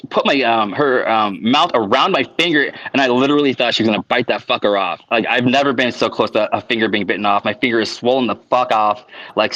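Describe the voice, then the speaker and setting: Halting man in a rambling monologue. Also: medium pitch, fairly bright tone, low-quality recording. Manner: halting, with many restarts and filler words. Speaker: vlogger. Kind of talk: unscripted personal monologue.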